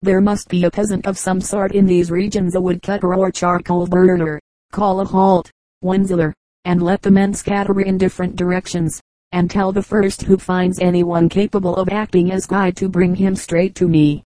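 A woman reading the part of a brisk, commanding army colonel in a storybook. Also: on the low side, flat delivery, warm tone, no room sound, close to an everyday voice, poor audio.

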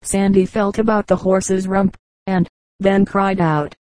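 A woman reading a collection of humorous anecdotes as an audiobook, in an even, measured storytelling manner with lightly acted quotes. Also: mid-range voice, no echo, low-quality recording. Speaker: audiobook reader. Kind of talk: scripted narration of humorous anecdotes.

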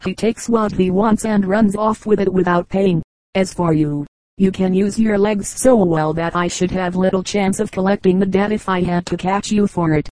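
A woman's voice: medium pitch, fairly even intonation, moderate pace, darkish tone, no echo, close to an everyday voice, low-quality recording. A woman reading the part of a sensible female sheep, indignant and scolding, in a storybook fable.

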